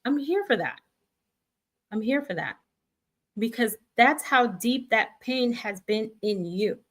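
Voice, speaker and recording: A woman's voice: a little high, expressive, slow pace. A middle-aged woman hosting a casual spiritual guidance talk, speaking reassuringly to her viewers and acting out the voices in their heads. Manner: warm, reassuring, acts out viewers' inner voices.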